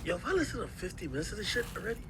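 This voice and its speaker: A man's voice: sits high, big pitch swings, rapid-fire, sharp tone. A man hosting a livestream, muttering offhand reaction comments.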